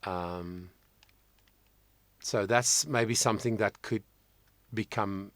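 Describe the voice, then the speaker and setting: A man's voice: lowish voice, slow, no room sound. A man working as a vocal coach, talking through a singer's performance in casual commentary, thoughtful, with frequent ums and restarts.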